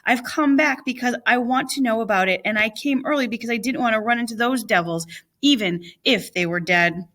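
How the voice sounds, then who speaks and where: A woman's voice: on the high side, brisk, a bit bright, distant mic, close to an everyday voice. A woman reading aloud and voicing a frightened, pleading young boy in a storybook. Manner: urgent, pleading.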